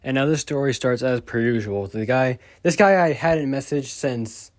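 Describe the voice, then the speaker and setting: A man's voice: medium pitch, moderate pace. A man telling a storytime to his viewers in a casual, rambling way, getting exasperated and swearing as he rants. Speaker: YouTuber.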